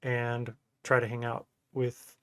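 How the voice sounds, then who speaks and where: A man's voice: mid-range voice, monotone, slow, a bit bright. Chatty man telling stories on a podcast. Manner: rambling storyteller who laughs often. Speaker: podcast co-host. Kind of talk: casual podcast chat.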